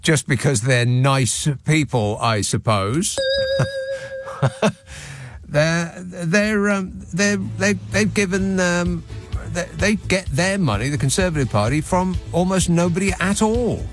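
A man's voice: fairly high pitch, unhurried, faint music behind. A man hosting a late-night radio phone-in, dry and sardonic, reading out listener texts and chatting with callers. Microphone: studio microphone.

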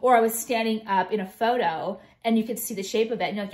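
A woman vlogger vents to her viewers in a combative, profanity-laced rant. Her voice sits fairly high, and she leans on "like" throughout. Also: quick pace, a little mellow. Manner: profane, combative, heavy filler "like". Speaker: jewelry brand owner and vlogger.

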